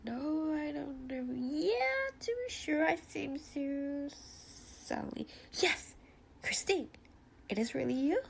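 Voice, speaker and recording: A woman with a stuffy nose reading the part of a lively, playful young wife in a soft, half-whispered voice, with faint hiss behind her. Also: high-pitched, takes it slowly, gravelly, voice pushed up, full character voice. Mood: eager.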